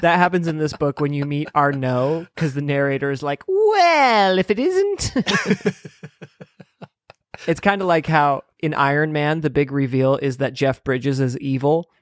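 A man's voice: a little high, steady tone, normal speed, hardly any pauses, no room sound, studio quality. A man co-hosting a podcast in casual chat, making wry, joking asides. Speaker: podcast co-host.

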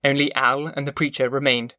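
Male audiobook narrator, bright tone, dry close mic. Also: mid-range voice, dry recording. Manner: measured, even storytelling.

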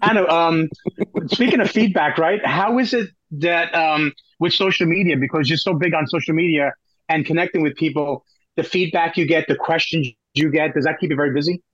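A man's voice: on the high side, fairly quick, a bit bright, no echo. Easygoing man, a little muffled. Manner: easygoing, asks rambling questions. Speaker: podcast co-host. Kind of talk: casual interview questions.

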